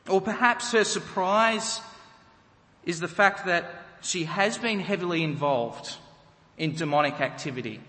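A man delivers a sermon in an unhurried, deliberate way, pressing home his points with rhetorical questions. His voice is bright and sits a little high, and a long reverb trails behind it in a large hall. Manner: emphatic, rhetorical questions to the congregation. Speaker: preacher.

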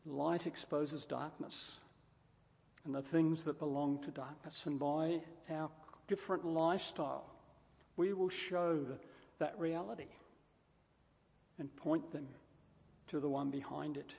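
In a large hall with long, trailing reverb, a male preacher speaks in a notably high, mellow voice with vocal fry, keeping a steady tone and measured pace. He hammers his points through emphatic repetition, frequently stumbling and restarting.

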